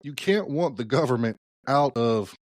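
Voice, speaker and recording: A man's voice: medium pitch, animated, normal speed, dry recording, clean studio sound. A man hosting a solo political podcast, talking conversationally and thinking aloud with hedges and restarts. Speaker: podcast host.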